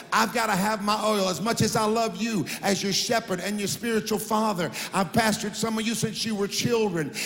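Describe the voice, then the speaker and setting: A middle-aged male pastor preaching a sermon in a church, with a sing-song preaching cadence that rises into shouts. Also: sits high. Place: church sanctuary. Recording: long hall reverb.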